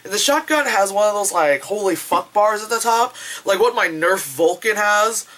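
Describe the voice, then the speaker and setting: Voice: mid-range voice, lively intonation, moderate pace, fairly bright tone. A young adult rambling through a casual movie review vlog, packed with fillers and swearing. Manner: rambling, filler-heavy, profane.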